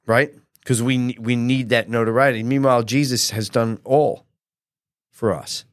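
A man's voice: medium pitch, a little slow, no echo, clean studio sound. A man, a pastor, preaching a conversational sermon and often checking in with his listeners through tag questions. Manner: animated acted-out quotes.

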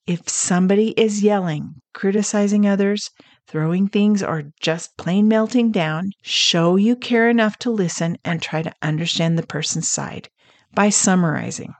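A woman hosting a counseling podcast, calmly teaching and telling stories about clients. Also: lowish voice, no room sound. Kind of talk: scripted teaching talk with stories.

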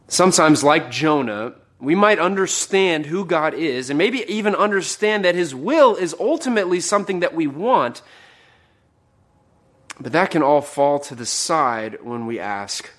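A man preaching a sermon in an earnest voice, rising when he quotes an outburst and dropping to a hush on the heavy lines. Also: fairly high pitch, animated, moderate pace.

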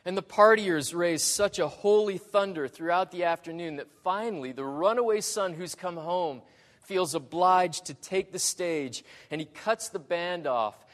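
A man preaching a sermon in slow, deliberate phrases that swell dramatically and then drop quiet. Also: fairly high pitch, in a large hall.

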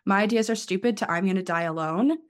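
Woman coach explaining calmly as a guest. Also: medium pitch, fast. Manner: explanatory, acts out clients' inner voices. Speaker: life and confidence coach. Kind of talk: interview guest conversation.

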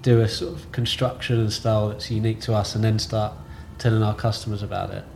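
A man talking through how his business began, thinking aloud and often seeking agreement with his partner. His voice sits a little low, and a faint hiss runs beneath it. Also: little pitch movement, quick pace, creaky, darkish tone. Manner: thinks aloud, seeks agreement with tag questions. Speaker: tailoring business co-founder. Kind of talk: conversational interview answers.

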